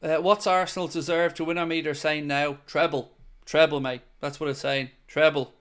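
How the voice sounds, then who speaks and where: A man's voice: on the high side, flat delivery, moderate pace, a bit bright. A man hosting a live football watchalong, mixing play-by-play with joking chat to his viewers. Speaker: host.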